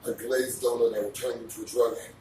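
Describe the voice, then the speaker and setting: A man's voice: mid-range voice, level tone, quick pace, dark tone, slight background noise. A man giving emphatic opinions in casual chat, swearing freely. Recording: distant mic, echoey room.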